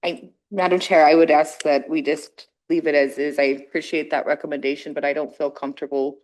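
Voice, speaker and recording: A man's voice: fairly high pitch, level tone, fairly quick. A man on a council politely and formally objecting to changing a motion. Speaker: council member. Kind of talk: meeting discussion.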